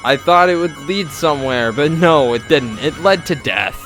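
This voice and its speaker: A young man giving casual let's-play commentary, rambling and halting with lots of fillers and restarts. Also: fairly high pitch, expressive, fairly bright tone, faint music behind. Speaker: gameplay commentator.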